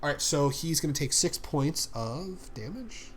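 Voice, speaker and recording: A man's voice: fairly high pitch, expressive, unhurried, fairly bright tone, slight background noise. A man running a tabletop game as game master, casual and rambling, swearing often.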